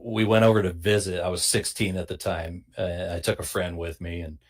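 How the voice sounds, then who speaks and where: Casual co-host man, low voice, unfiltered and jokey. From Portland, USA. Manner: blunt, jokey, laughs a lot. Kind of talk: casual chat.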